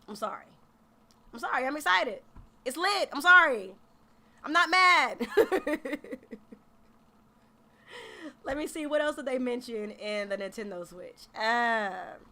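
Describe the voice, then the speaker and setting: Animated high-voiced woman streamer. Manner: animated, profane, emphatic, slangy. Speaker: gaming streamer. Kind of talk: casual livestream reaction.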